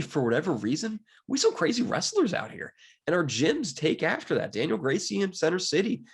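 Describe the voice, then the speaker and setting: Animated young man talking fight bets. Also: creaky, breathy edge. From Pennsylvania. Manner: animated, jokey, wide swings in pitch. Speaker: sports betting commentator. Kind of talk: casual solo betting talk.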